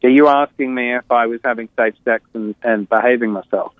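A man's voice: mid-range voice, steady tone, fairly quick, dry recording. Reflective man on a tinny line. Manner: reflective, with frequent fillers and restarts. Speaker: interview guest. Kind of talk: candid personal storytelling.

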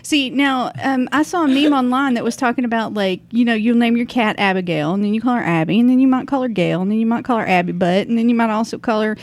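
Chatty woman podcast host, fairly high voice. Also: quick pace, hardly any pauses, darkish tone. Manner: chatty, joking, frank. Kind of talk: casual podcast chat.

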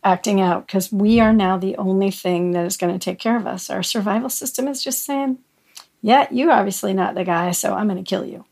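Husky, gravelly woman offering wry support. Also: medium pitch, a little fast, a little mellow. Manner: reflective, wry humor. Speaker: podcast co-host. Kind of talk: casual chat, supportive commentary.

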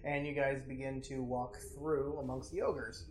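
A man's voice: medium pitch, level tone, moderate pace, darkish tone, a little hiss or hum. A young man narrating as game master of a tabletop game, casual and laughing often.

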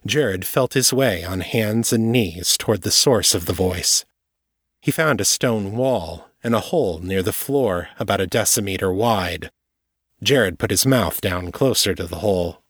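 A man reading his own novel aloud in steady, measured audiobook narration. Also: lowish voice, slightly rough, dry recording, studio quality.

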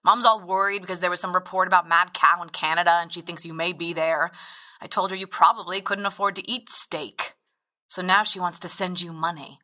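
An exasperated, bossy sister in her thirties scolds bluntly on voicemail, as a woman plays her. Her voice is bright. She talks in a clipped, irritated way. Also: fairly low pitch, steady tone, fairly quick.

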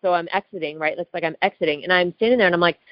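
A woman's voice: fairly low pitch, very fast. A woman recounts a story in casual chat, chatty and fired up. She keeps checking in with the listener. The sound is muffled and lo-fi, with no room echo. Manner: chatty, heated, lots of "like" and "right?". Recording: dull lo-fi dry recording.

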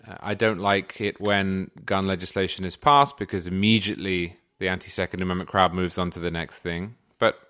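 A man's voice: deep voice, steady tone, a little fast, few pauses, pushed and bright, clean tone. A man from England with a received pronunciation accent, a guest on a podcast making his case in an articulate, emphatic way. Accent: English received pronunciation. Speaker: guest commentator. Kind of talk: podcast conversation.

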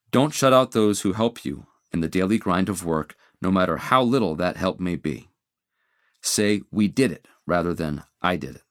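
A very deep-voiced man gives an earnest inspirational sermon. He speaks in a measured, deliberate way and slows right down for scripture. The recording is close and dry. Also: no room sound. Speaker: speaker giving a moral address.

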